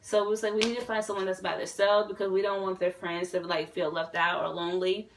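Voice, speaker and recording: Twenties girl vlogging, rambly and hyped, lots of like and swearing, kinda gravelly, sits back from the mic. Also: mid-range voice, quick pace, far from the mic, a little hiss or hum, low-quality recording. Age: 20s. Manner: rambling and excitable, full of fillers and swearing. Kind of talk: casual storytelling to camera.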